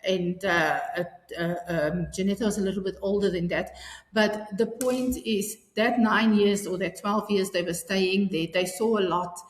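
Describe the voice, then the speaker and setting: A woman's voice: medium pitch, fairly even intonation, moderate pace. Earnest woman in an echoey room. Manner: earnest, repetitive restarts. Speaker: guest. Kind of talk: personal interview. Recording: echoey room with long reverb.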